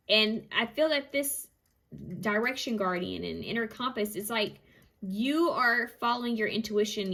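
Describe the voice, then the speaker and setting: A woman giving a casual, encouraging tarot reading to her viewers, energetic and fond of repeating herself. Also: mid-range voice. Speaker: tarot reader. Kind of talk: casual intuitive card reading.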